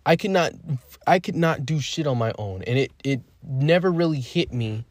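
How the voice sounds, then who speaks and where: A man in his twenties telling his own story on a podcast in a rambling, candid way, swearing freely and swinging from quiet to emphatic. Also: mid-range voice, expressive, normal speed, no echo, clean studio sound. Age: 20s. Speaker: podcast host. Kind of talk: casual personal storytelling.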